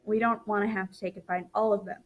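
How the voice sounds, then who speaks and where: A woman's voice: mid-range voice, little pitch movement, quick pace, phone-quality sound. A woman teacher walking through a recorded math lesson, counting aloud as she draws and correcting her own slips, tired and yawning.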